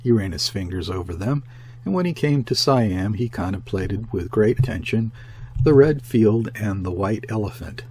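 A man narrating a classic sea novel in a measured, even reading voice. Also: on the low side. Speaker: audiobook narrator.

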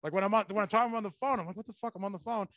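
A man hosting a comedy podcast, telling animated stories in casual chat and swearing freely. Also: sits high, very fast, no echo. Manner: animated storyteller, swears a lot.

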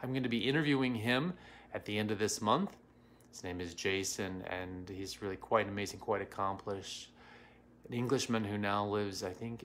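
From his home in Washington, D.C., a middle-aged man hosts a casual livestream as a psychic medium, greeting viewers by name and answering comments with many fillers. His voice is lowish and a bit bright, with slight background noise.

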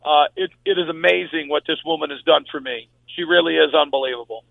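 A man's voice: fairly high pitch, steady tone, fast, gravelly, no echo. An older man, a sports talk radio host, telling a personal story as a guest and repeating his words for stress. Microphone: phone call. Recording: tinny phone line, dry.

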